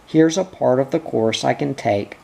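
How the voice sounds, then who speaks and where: A man's voice: mid-range voice, moderate pace, vocal fry, mellow. A man reading the part of an eager young lad who loves sailing.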